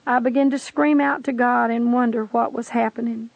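A woman's voice: on the high side, steady tone, moderate pace, creaky, dry recording, muffled recording. A woman earnestly recounting a dramatic personal testimony, telling it intensely as a narrator.

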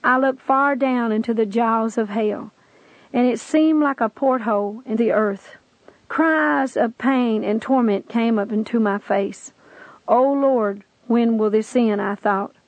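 A woman's voice: a little high, steady tone, a little slow, no echo. A woman giving an earnest, impassioned spiritual testimony on a dry lo-fi tape recording.

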